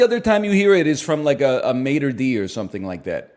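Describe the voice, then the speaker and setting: A man's voice: mid-range voice, very animated, a little fast, darkish tone. A man streaming, chatting casually and riffing wryly on his own jokes with mock-serious asides. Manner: rambling, wry, mock-serious bits.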